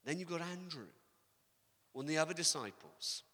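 A man delivers a sermon in an animated storytelling manner. His voice sits high for a man and sounds strikingly bright. The long reverb of a large hall rings around every phrase. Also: normal speed. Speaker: pastor.

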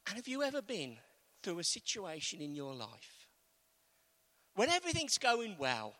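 A man's voice: high voice, wildly swooping pitch, normal speed, pushed and bright. A man preaching a sermon in a conversational way, asking the congregation questions. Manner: conversational, asks the congregation questions, acts out quotes.

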